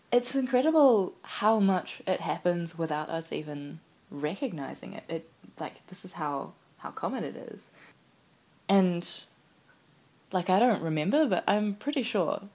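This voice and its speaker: A thoughtful woman from New Zealand in easy conversation. Her voice is notably deep for a woman. She works her ideas out aloud with ums and restarts. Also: animated, measured pace, a little mellow. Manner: thoughtful, reflective, with fillers. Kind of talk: casual conversation.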